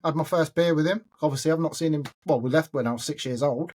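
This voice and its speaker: A man's voice: fairly high pitch, fast talker, darkish tone, husky. An Englishman hosting a podcast, chattily telling stories and calling his listener mate. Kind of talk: casual storytelling chat.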